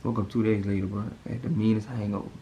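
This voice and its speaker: Animated young man telling a story. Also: rapid-fire, a little hiss or hum. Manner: animated, jumps high when acting out panic. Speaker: vlogger telling a personal story. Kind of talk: casual storytelling to camera.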